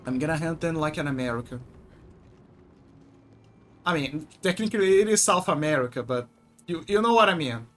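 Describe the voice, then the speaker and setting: A young man streaming a game, excitable and cursing when frustrated. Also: a little high, normal speed, pauses often, slight background noise. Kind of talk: gameplay commentary.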